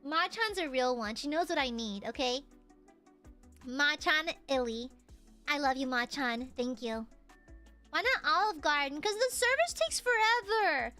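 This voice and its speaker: A woman streamer chatting casually and thanking viewers for super chats, playful and prone to sudden shouting. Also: high voice, expressive, unhurried, soft background music. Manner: playful, bursts into shouts and laughter.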